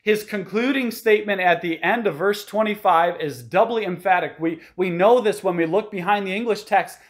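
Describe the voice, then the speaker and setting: A pastor preaching a sermon, explaining the text with emphasis. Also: male voice, sits high, moderate pace.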